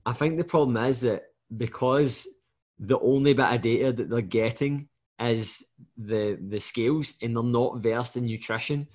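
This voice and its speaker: A man's voice: medium pitch, moderate pace, a little mellow. A man, a fat loss coach, talking bluntly in a casual podcast chat and swearing freely as he acts out what clients say.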